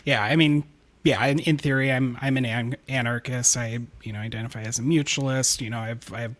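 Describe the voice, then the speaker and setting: A man's voice: mid-range voice, steady tone, a little fast, a bit bright. Hesitant man hedging his views. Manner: hesitant, full of restarts and hedges. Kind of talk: casual discussion.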